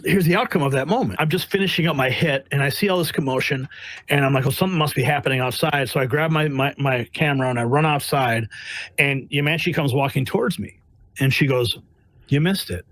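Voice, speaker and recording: A man's voice: medium pitch, quick pace, a bit bright, no room sound, poor audio. A man speaking as a White House press correspondent, telling his stories bluntly and emphatically, acting out the voices of the people in them. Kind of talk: animated interview storytelling.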